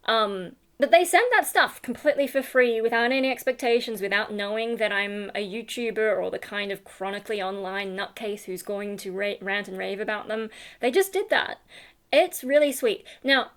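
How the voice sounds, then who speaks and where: A woman's voice: medium pitch, normal speed, fairly bright tone. A woman, chatting casually to her vlog audience, rambling with lots of fillers and restarts. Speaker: YouTuber.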